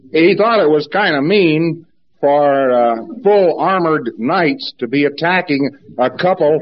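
A man giving an informal lecture, telling stories in a lively way and acting out what people said. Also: a little high. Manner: lively storytelling, acts out quotes. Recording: dull lo-fi archive tape.

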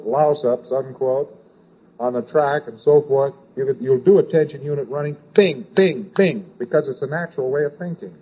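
A man's voice: medium pitch, slightly rough. A man giving an informal lecture, rambling and repetitive, dropping in sound effects and asides. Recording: tinny old lecture tape.

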